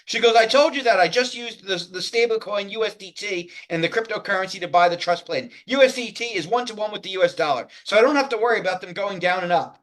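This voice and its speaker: A man's voice: high-pitched, quick pace, hardly any pauses, a bit bright. A man in casual chat, animatedly retelling a text exchange and acting out both sides. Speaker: co-host. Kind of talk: casual chat, reading out chat messages.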